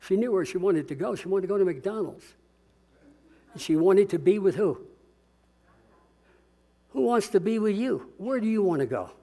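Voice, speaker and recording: Old guy pastor preaching, highish voice, earnest, gets the crowd to say it back. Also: moderate pace, pauses often, dark tone. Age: older. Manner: earnest, rising to call-and-response exhortation. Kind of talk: sermon.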